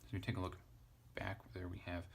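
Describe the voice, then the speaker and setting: Casual male teacher, deep and gravelly, who thinks aloud and spells out letters; faint noise underneath. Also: completely flat delivery, a little fast. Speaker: Greek teacher. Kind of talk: casual lesson, parsing text aloud.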